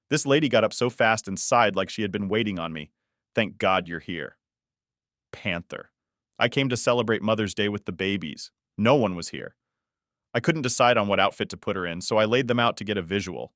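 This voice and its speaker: A man reading an online post aloud as a story narrator, in a steady, even reading voice. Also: on the low side, no echo, studio quality.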